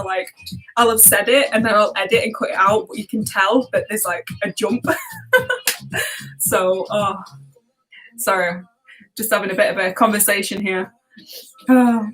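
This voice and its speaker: A woman's voice: on the high side, a bit bright, low-quality recording. A woman with a British accent chatting casually on a live stream, passionate and talkative, laughing often and restarting her sentences. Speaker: live-streaming reaction YouTuber.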